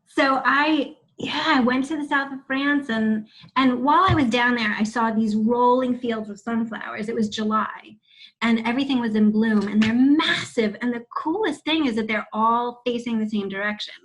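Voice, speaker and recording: Woman in her forties, video-call interview guest, frank storyteller, fairly high voice. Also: normal speed, poor audio. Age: 40s. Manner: candid storytelling, swears and laughs freely. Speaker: guest, founder of a wellness center.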